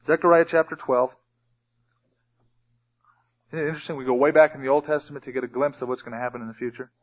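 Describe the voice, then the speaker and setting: A man's voice: medium pitch, steady tone, fast. A man preaching a sermon as pastor, emphatic and reading scripture aloud. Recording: dull lo-fi recording.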